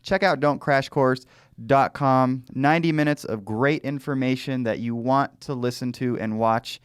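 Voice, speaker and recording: Man, smooth resonant voice, dry close sound, relaxed podcast co-host. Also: medium pitch, normal speed, no echo. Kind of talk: casual chat.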